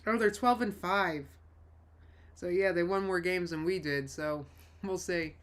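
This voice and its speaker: A woman's voice: lowish voice, unhurried. A woman hosting a live stream in a rambling, self-interrupting casual chat, often laughing and reading chat messages aloud. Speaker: livestream host.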